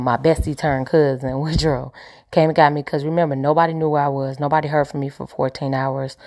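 Gravelly low-voiced woman telling her story. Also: a little mellow. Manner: emphatic, repeats points, preachy asides. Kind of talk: candid storytelling.

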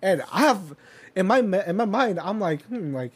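This young man's voice is high-pitched and expressive with a breathy edge, moving at a moderate pace. In a relaxed chat he rambles through a long anecdote, full of fillers, curses, and chuckles.

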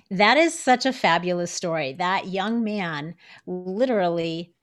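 A woman hosting a conversation who answers her guest in an affirming, deliberate way. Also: on the low side, animated. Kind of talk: conversational reply.

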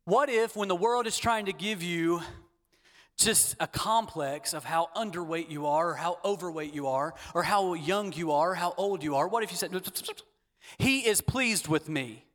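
A man preaching a sermon as pastor, leading the congregation in repeated declarations and swinging from hushed asides to loud, emphatic lines. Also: sits high, normal speed. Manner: leads call-and-response repetition. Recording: long hall reverb.

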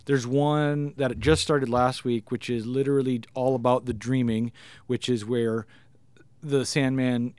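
A man's voice: mid-range voice, little pitch movement, a little slow, a little mellow, clean tone, no echo. A man in his thirties co-hosting a casual comic book podcast, chatting as an enthusiastic fan. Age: 30s. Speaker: podcast co-host.

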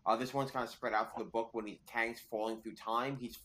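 A man's voice: medium pitch, fairly even intonation, fairly quick, a bit bright, slight background noise. Rambling man chatting about comics. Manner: rambling, many fillers and restarts. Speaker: podcast co-host. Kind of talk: casual comic book chat.

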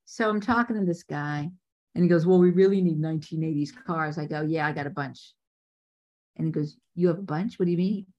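A woman casting director telling stories in a podcast interview, lively and acting out the voices of people she quotes. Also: low voice, a little fast, highs cut off. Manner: animated, acts out quoted voices.

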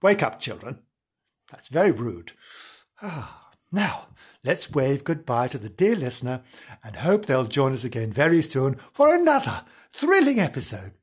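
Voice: mid-range voice, wildly swooping pitch, moderate pace, breathy edge. Chatty storyteller with wry asides. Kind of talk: casual children's story reading.

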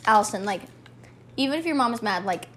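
A young woman co-hosting a podcast, talking in an animated, playfully bossy way. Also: mid-range voice, fast. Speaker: podcast co-host. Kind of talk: casual chat.

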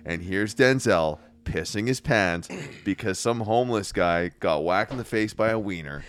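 A man's voice: fairly low pitch, animated, normal speed, fairly bright tone, clean tone. A man co-hosting a podcast, teasing his friends with mock-exasperated ribbing. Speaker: podcast co-host. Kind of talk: casual banter.

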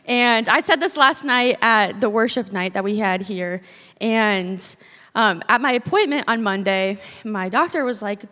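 A woman's voice: medium pitch, measured pace, pushed and bright. A woman pastor speaking casually and chattily to a congregation. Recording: long reverb of a large hall.

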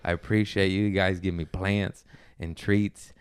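Profane, animated man hosting a podcast. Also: deep voice, a little slow, clear, resonant tone, no room sound. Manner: profane, animated rants with mock-angry quoted voices. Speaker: podcast host. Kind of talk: casual podcast chat.

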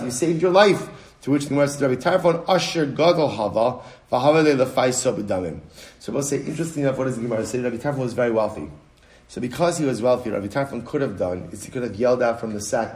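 A man's voice: a little high, darkish tone, reverberant. A man teaching a Talmud class, asking rhetorical questions and repeating key phrases for emphasis. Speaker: Torah teacher.

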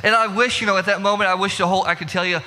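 A man's voice: high-pitched, fairly even intonation, racing, sharp tone, long reverb tail. A young man preaching a sermon, telling a story against himself and building to emphatic rhetorical questions. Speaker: pastor.

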